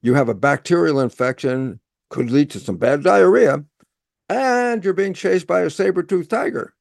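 Man with a slightly high voice, recorded dry; lectures in a conversational way, restarts words, quizzes himself. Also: lively intonation, normal speed, creaky, dry recording. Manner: conversational lecturing, plays out both sides of a dialogue; repeats words and restarts, asks and answers his own questions. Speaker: speaker explaining stress biology. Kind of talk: explanatory talk.

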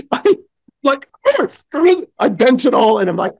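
A man co-hosting a casual chat, telling a story in an animated way, acting out scenes with sound effects and many restarts. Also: sits high, moderate pace, creaky, breathy edge.

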